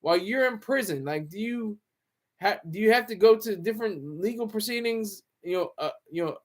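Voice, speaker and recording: A man's voice: sits high, expressive, moderate pace. A man hosting his own livestream, chatting casually, joking and talking to his viewers. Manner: chatty, joking, talks to chat. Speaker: livestream host. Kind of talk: casual commentary.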